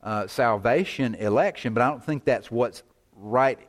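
A man preaches through a scripture passage at an unhurried pace, his voice sitting at an ordinary male pitch. He reads verses aloud, then explains them, pressing on single words for emphasis and voicing God's side of the text in the first person. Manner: measured, stresses key words, paraphrases God in first person. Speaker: pastor. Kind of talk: expository sermon.

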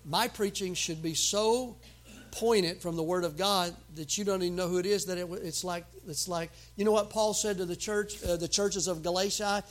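High-voiced emphatic preacher man. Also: fairly even intonation, normal speed. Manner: emphatic preaching with sudden loud outbursts and humor. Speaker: pastor. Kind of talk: sermon.

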